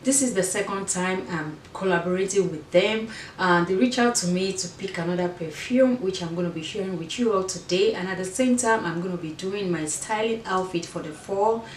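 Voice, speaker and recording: A woman's voice: fairly low pitch, moderate pace, slight background noise. A woman with an African accent, chatting casually to camera as a fashion and beauty vlogger, meandering and restarting her sentences. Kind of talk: casual vlog chat to camera. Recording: echoey room, mic at a distance.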